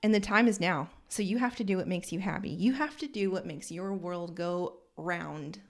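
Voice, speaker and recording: Salon owner lady rambling through a story on her podcast, animated and kinda self-deprecating, recorded in her salon. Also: fairly low pitch, moderate pace, vocal fry. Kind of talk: casual storytelling monologue.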